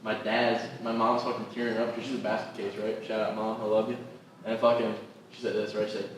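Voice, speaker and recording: A man's voice: on the low side, a little fast. A man, a comedian and podcast co-host, telling rambling stories and swearing constantly. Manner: swears constantly, animated anecdotes. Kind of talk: profane casual storytelling. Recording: echoey room, distant mic, noisy.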